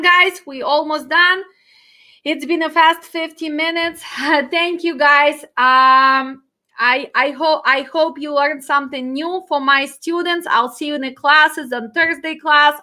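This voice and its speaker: A woman's voice: high voice, pushed and bright. A woman who hosts a trucking dispatch training channel, reading a viewer's letter aloud and talking to her students with heartfelt encouragement. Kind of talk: casual livestream talk to students.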